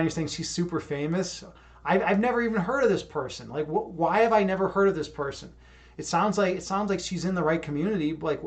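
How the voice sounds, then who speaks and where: A young man hosting a livestream, chatting casually and reading viewer comments, rambling and repeating words, hyped up after a yoga session. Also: fairly high pitch. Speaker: livestream host.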